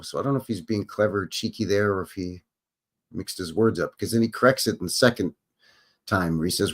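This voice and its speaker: A man's voice: fairly low pitch, a little fast. A man hosting a show, talking casually and thinking aloud about an old song he plays. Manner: musing, thinking aloud with restarts. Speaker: host.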